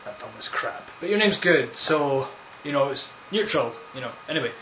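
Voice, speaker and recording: A man's voice: mid-range voice, animated, moderate pace, background noise. A man answering viewer questions in a casual, rambling vlog, full of crude, absurd jokes. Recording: echoey room.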